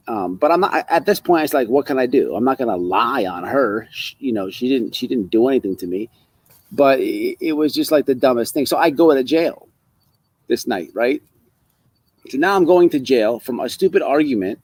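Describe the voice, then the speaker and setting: A man telling a story in a casual live chat, halting and restarting his sentences. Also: mid-range voice, animated, a little mellow, no echo, poor audio. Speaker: co-host.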